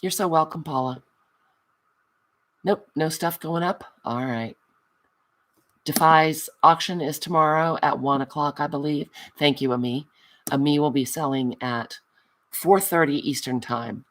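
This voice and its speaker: A woman's voice: sits low, unhurried, long pauses. Woman, craft livestream host, chatty, giggly, calls viewers honey, reads comments aloud. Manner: giggly and self-mocking. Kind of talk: casual livestream chat.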